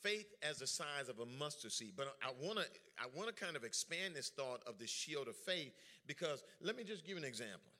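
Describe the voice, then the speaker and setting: Preacher guy, bright and kinda high voice, lively and jokey with the crowd. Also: a little fast, hardly any pauses. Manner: lively, joking, drawls informal speech. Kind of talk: sermon with call and response.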